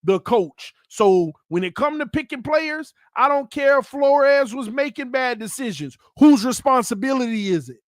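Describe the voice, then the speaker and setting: High-voiced animated American sports fan host. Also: male voice, moderate pace, hardly any pauses, no room sound, clean studio sound. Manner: animated, teasing, bursts into loud excited hollering. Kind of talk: casual fan commentary vlog.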